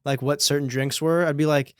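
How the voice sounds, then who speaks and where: A man guesting on a podcast as a comedian spins casual anecdotes in a chatty way, swearing now and then. His voice is smooth and clear and pitched a little above average. The recording is close and dry. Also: fairly even intonation, a little fast, no echo. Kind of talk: casual podcast chat, storytelling.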